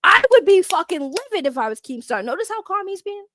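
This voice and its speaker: A woman's voice: extremely high pitch, sing-song, a little fast, a bit bright. A woman hosting a commentary show, fired up and swearing a lot as she rants. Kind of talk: heated casual commentary.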